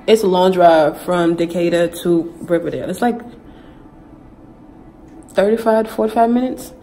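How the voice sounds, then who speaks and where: A woman's voice: fairly low pitch, normal speed, poor audio. Vlogger, female, young adult, from Ghana; chatty storytime delivery, faint music underneath. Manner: chatty, animated retelling full of "like" and slang. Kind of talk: casual storytime vlog.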